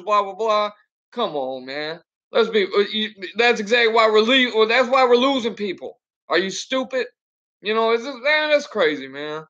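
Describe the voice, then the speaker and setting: A high-voiced, bright-sounding man, a trucker, vents bluntly and cusses freely while chatting on a home stream. His voice comes through a computer webcam and sounds muffled and lo-fi. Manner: blunt and profane, ranting. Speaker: truck driver. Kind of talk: casual livestream chat.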